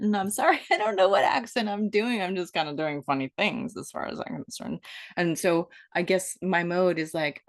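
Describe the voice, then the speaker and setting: Woman, 50s, for an off-the-cuff vlog: a slightly low voice with lots of lively movement, meandering and self-mocking. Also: measured pace. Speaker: vlogger. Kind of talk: improvised rambling monologue.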